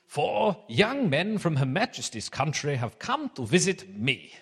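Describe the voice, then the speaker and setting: A preacher slips into a stiff, jolly old German academic with a thick put-on accent, clipped and sparing with words. The voice rings out with a long hall echo. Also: male voice, fairly high pitch, very animated, a little slow, vocal fry, breathy edge, voice pushed up, heavily acted. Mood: formal, pleased. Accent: mock German accent, put on. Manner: clipped, formal, few words. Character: cheerful older German university head, terse.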